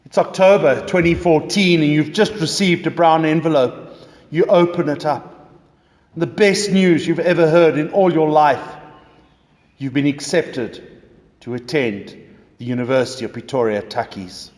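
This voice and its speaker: A man preaches slowly and dramatically, walking his listeners through a story. His somewhat high voice rings out in a church with a long reverb. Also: darkish tone. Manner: dramatic storytelling in second person. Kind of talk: sermon.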